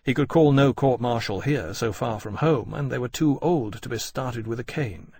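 A man narrating an audiobook in an even, measured storytelling way. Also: mid-range voice, husky, no echo. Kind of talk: scripted narration.

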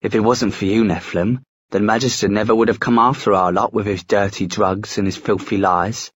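A man's voice: fairly low pitch, steady tone, brisk, slightly rough, no echo, clean studio sound. A man voicing a growling, threatening male werewolf in an audiobook. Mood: menacing.

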